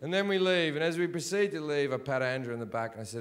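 An Australian man doing live stand-up, telling a crude story in a brash, deadpan way. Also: fairly high pitch, fast. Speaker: stand-up comedian.

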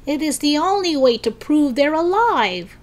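A woman's voice: high voice, sing-song, a little slow, voice pushed up. A woman voicing an earnest, serious schoolboy who believes in the legend. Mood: urgent.

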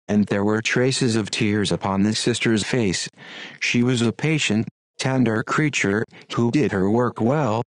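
Synthetic male audiobook voice, low and dry. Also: dry recording, rough recording. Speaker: audiobook narrator. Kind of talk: text-to-speech narration of a classic story.

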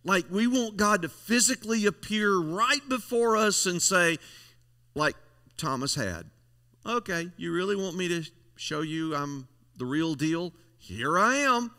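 A man's voice: high-pitched, animated, a little slow, sharp tone. A male pastor preaching a folksy, emphatic sermon, leaning on repeated phrases. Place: church sanctuary. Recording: long church hall reverb.

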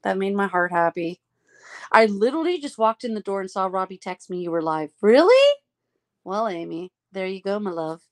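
A woman's voice: mid-range voice, a little fast. A woman hosting a casual live stream, chatting affectionately with friends and laughing often.

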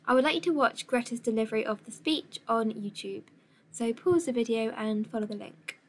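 A woman teacher giving a recorded lesson in clear, measured instructions, with an occasional filler. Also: on the high side.

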